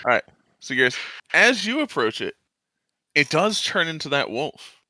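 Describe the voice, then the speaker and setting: A man's voice: on the high side, sing-song, unhurried, pushed and bright, no room sound. A man running a tabletop game as game master, narrating and laughing often with his players.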